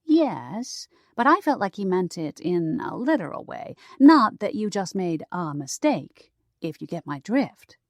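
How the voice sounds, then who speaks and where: A woman's voice: fairly low pitch, big pitch swings, unhurried, no echo. Woman reading a teasing old grandmother ghost. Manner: chatty, dramatic, stretches out the big moment. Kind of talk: audiobook character voice.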